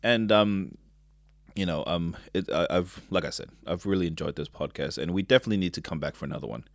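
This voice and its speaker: A young man hosting a podcast in a relaxed, joking way, with lots of fillers and restarts. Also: sits low, quick pace, vocal fry, no room sound. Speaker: podcast host. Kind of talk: casual chat.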